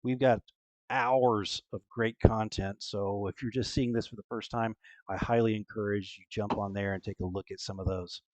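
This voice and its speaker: Give me a low-voiced man introducing a tabletop game stream as game master. He rambles with lots of fillers. The sound is dry and close. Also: steady tone, moderate pace, darkish tone, no room sound.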